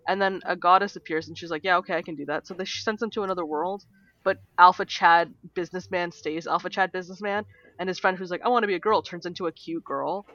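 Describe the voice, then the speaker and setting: A woman's voice: lowish voice, quick pace, highs cut off. A woman co-hosting a casual podcast, telling stories with acted-out quotes, laughing and swearing freely. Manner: animated storyteller, acts out quotes, laughs often, swears. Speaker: podcast co-host. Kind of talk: casual chat.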